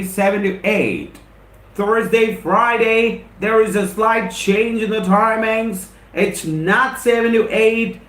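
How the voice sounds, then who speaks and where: In a roomy space, a man with a high, slightly bright voice and an Indian English accent conducts a live spoken English lesson. He calls out viewers by name and delivers his points repetitively, with motivational emphasis.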